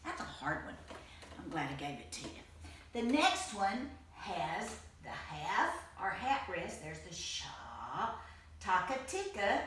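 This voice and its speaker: A woman teaching a children's music lesson, encouraging and chanting rhythm syllables in a home room with tile floors. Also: medium pitch. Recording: roomy far-off home recording, loud noise.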